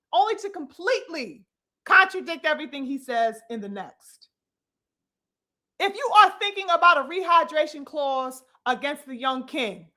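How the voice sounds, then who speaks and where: A woman delivers heated boxing commentary in a high, bright voice. She hammers her points with profanity and calls out to her audience like a preacher. Her delivery stays emphatic and opinionated throughout.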